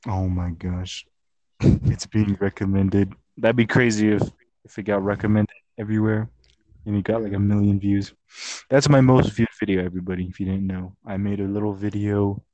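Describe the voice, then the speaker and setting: Young guy goofing around on a podcast, lowish voice, muffled mic. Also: warm tone, no room sound. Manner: joking, goofy, says "bruh" often. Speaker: podcast co-host. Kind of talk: casual chat. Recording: dull, muffled close mic.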